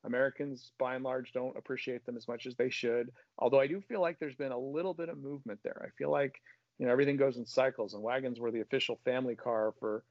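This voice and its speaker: A man's voice: mid-range voice, fairly even intonation, fast talker, no echo, muffled recording. A man on a car panel, explaining with enthusiasm and in full, articulate sentences. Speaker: automotive panelist. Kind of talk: casual panel chat.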